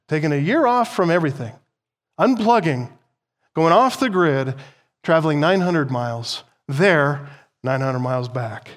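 A male pastor delivering a sermon in an animated preaching style, his voice rising for emphasis. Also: fairly high pitch, measured pace.

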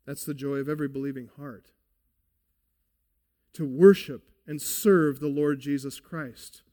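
Slow, emphatic male preacher. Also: on the high side, mellow. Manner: deliberate, emphatic, addresses listeners as beloved. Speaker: pastor. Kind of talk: sermon. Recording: long hall reverb.

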